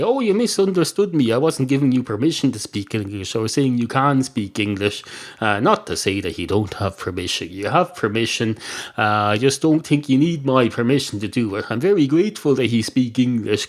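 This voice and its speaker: Irish man, solo podcast host, deadpan rambler, pops into mock voices. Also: mid-range voice. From Ireland. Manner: deadpan, digressive, mimics voices in quotes. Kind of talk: rambling comic monologue.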